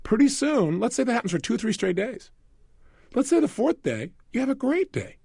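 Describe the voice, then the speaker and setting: A man talking through a recorded self-help program, animated, asking the listener questions and acting out quoted voices. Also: extremely high pitch, fairly quick, creaky, husky, dry recording, clean studio sound. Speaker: motivational speaker.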